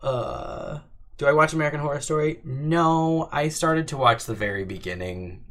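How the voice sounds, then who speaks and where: A man's voice: a little high, moderate pace, a bit bright. A man hosting a casual livestream Q&A, rambling and playful, swearing and laughing often. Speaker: audio creator hosting a livestream Q&A.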